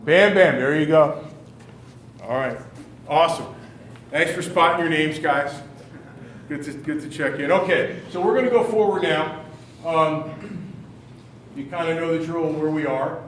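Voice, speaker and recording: A man leading a classroom workshop, running an upbeat, brisk roll call of teams. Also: a little high, fairly bright tone, a little hiss or hum. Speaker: workshop leader. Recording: echoey room from far off.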